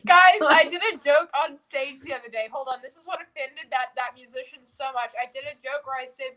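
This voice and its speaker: A woman comedian from Canada, making brash, deadpan dark jokes over a video call. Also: high voice, fairly quick, few pauses, rough recording. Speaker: comedian guest. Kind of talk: casual chat on a video call.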